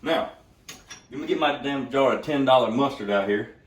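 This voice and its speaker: A man's voice: medium pitch, normal speed, distant mic. Man, brash and foul-mouthed, cooking demo, echoey kitchen, mic set back. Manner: brash, profane, joking. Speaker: cooking vlogger. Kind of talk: casual cooking demo with storytelling.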